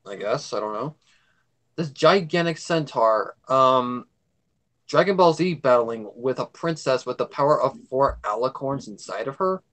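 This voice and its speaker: A man's voice: mid-range voice, expressive, a little slow, a bit bright. A man hosting a casual livestream, rambling with enthusiasm about a cartoon as a devoted fan.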